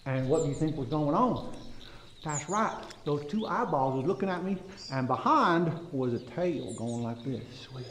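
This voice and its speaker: A man with a fairly high, natural-sounding voice, recorded over slight background noise, teaches kids about dental care. He plays a goofy, folksy backwoods storyteller with a drawl, spinning tall tales for children in an animated way.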